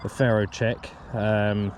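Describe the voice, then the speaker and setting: A man's voice: fairly low pitch, flat delivery, slow pace, very noisy. A man talking casually as he sets up and uses a metal detector outdoors, rambling with many ums and restarts. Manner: rambling, hesitant, many ums and self-corrections. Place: open farm field outdoors.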